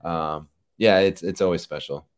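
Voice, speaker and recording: A man in his thirties, a baseball player, telling a story in a relaxed, rambling way full of fillers. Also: sits low, moderate pace, smooth. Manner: relaxed, rambling, many fillers like "you know" and "like". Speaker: professional baseball player, guest. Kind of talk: casual interview storytelling.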